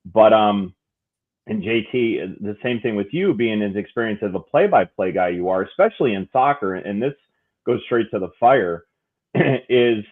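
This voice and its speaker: A man's voice: lowish voice, lively intonation, moderate pace, phone-quality sound. A man who is an aspiring amateur play-by-play announcer asks a guest a long question, rambling and searching for his words. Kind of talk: asking a question on a talk show.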